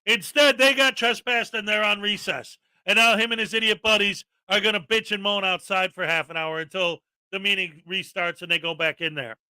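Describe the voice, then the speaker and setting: A man hosts a ranting commentary show, his voice high and sharp as he mocks and shouts at the people he watches. The sound is dry and close to the mic. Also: steady tone, moderate pace, few pauses, clean tone, no echo. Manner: sarcastic, mocking, shouts often and acts out mock voices. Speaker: commentary channel host.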